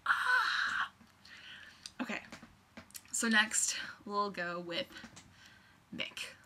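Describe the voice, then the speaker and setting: A woman's voice: mid-range voice, moderate pace, sharp tone, a little hiss or hum. A young woman rambling in a casual vlog, gushing and scattered, full of fillers. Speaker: vlogger.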